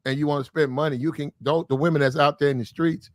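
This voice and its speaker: A man's voice: a little high, fairly even intonation, quick pace, dry recording, clean studio sound. A man hosting a heated panel podcast, blunt and insistent, hammering his points with repetition. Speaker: podcast host.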